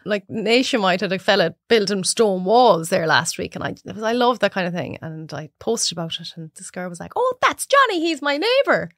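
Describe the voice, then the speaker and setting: An Irish woman cook talking as a podcast guest, a chatty, animated storyteller who laughs often. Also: lowish voice, a little fast, hardly any pauses, dry recording, clean studio sound. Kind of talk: casual chat.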